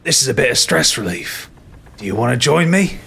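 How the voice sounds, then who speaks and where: A man's voice: medium pitch, very animated, fairly quick, creaky, fairly bright tone, slightly rough, exaggerated voice. A man voicing a boisterous male pirate captain in hammy pirate talk, with an accent that keeps slipping. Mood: rowdy.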